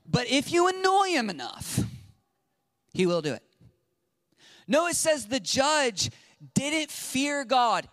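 A man preaching a sermon in an animated way, acting out quotes and swinging from loud to hushed. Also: sits high, no echo, studio quality. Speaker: pastor.

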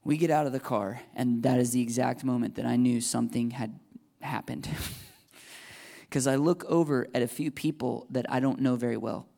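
A young adult man preaching, telling a personal story in an animated way and jumping into high, excited voices when he quotes his own thoughts. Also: moderate pace, gravelly. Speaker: pastor. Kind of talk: sermon testimony.

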